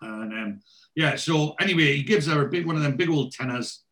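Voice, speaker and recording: A man's voice: fairly high pitch, lively intonation, a little fast, a bit bright, soft background music. A man casually recapping a TV episode. He rambles as he goes, quoting the characters and filling the gaps with ums. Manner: rambling storyteller, many fillers and quotes.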